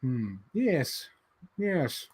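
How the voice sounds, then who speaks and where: A young man hosting a casual livestream, excitable and quick to laugh, swearing as he talks about movies. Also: a little high, husky. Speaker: livestream host.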